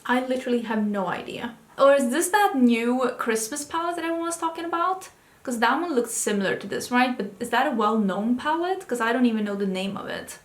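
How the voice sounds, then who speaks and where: A young adult woman talks to camera in a fairly high voice, chatty and excitable, asking herself question after question as she thinks aloud. Her voice rings in a roomy, echoey space. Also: brisk. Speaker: beauty vlogger. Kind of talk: casual chat, thinking aloud. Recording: roomy echo.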